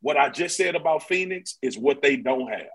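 Husky-voiced man in animated sports talk. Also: a little high, moderate pace, poor audio. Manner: animated, slangy, emphatic. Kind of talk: casual sports chat.

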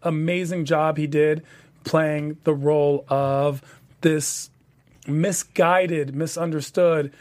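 A man with a notably high voice leads a casual TV after-show talk. He speaks in an animated, theatrical way, pushing his pitch up for audience appeals. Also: takes it slowly. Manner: animated, theatrical call-to-action delivery. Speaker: podcast panel host.

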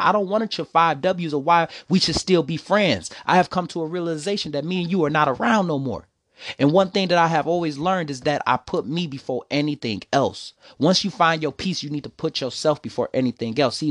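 A man's voice: on the high side, a bit bright, dry recording. Young man, personal storytelling monologue, preachy and emotional, dry sound. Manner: emotional, preachy, repeats "see, the thing is".

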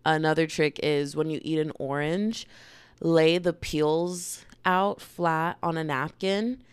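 A woman's voice: low voice, fairly even intonation, slow pace, clear, resonant tone, dry recording. A woman hosting her own podcast, chatting in a playful, rambling way while congested from a cold. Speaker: podcast host. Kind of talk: casual solo podcast chat.

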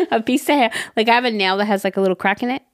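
Lively, joking woman podcast co-host. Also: fairly high pitch, rapid-fire. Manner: joking, laughs often. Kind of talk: casual chat.

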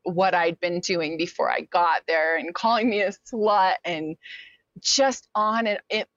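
A woman's voice: lowish voice, a little slow, fairly bright tone, dry recording. Candid woman telling her story, lo-fi. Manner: candid, with many fillers and quoted asides. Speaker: interview guest. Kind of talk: personal storytelling in an interview. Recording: dull, lo-fi sound.

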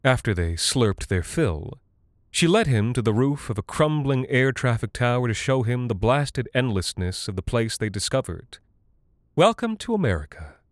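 A man narrating a dark literary story in a measured, deadpan way. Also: medium pitch, no echo, studio quality.

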